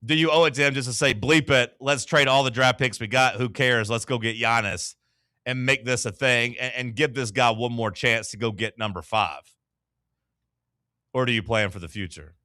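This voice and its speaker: A man's voice: mid-range voice, normal speed, bright, forceful tone, dry recording, clean studio sound. A man hosting a casual sports talk show, loose and chatty with lots of filler words.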